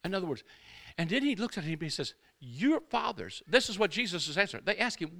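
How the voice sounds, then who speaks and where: A man preaching a sermon to a church congregation. He exhorts the crowd with call-and-response, moves between shouting and quiet storytelling, and wanders into asides. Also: sits high, very animated, fast, gravelly, few pauses. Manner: rambling asides, acts out quoted speakers.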